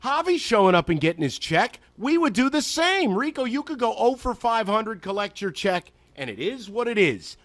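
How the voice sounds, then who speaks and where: A sports radio host in full rant, sarcastic and emphatic. His pitch leaps around in lively swings, and he sits slightly high for a man. The studio mic is close and dry. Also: moderate pace, hardly any pauses, no echo. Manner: animated, sarcastic, emphatic ranting. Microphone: studio microphone.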